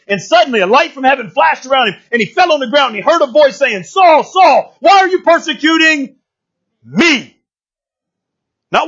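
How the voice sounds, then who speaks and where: A man preaching a sermon in an animated, conversational way, full of casual slang and quick rhetorical asides to the congregation. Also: extremely high pitch, breathy edge, lo-fi sound.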